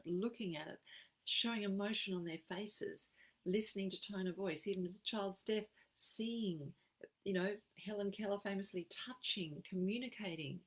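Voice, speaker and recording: An Australian woman giving an expressive, emphatic live-streamed wellbeing talk as a program facilitator. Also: mid-range voice, husky, low-quality recording. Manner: expressive, emphatic, acts out quoted phrases.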